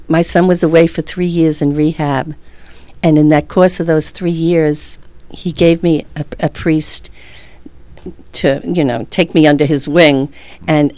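Low-voiced woman telling a faith story. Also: mellow, dry recording. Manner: earnest storytelling with frequent laughs. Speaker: guest. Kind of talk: personal faith testimony.

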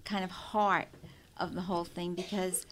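A woman author, a guest, answering casually about her book in a musing way with pauses. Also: lowish voice, flat delivery, fairly bright tone. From Italian family.

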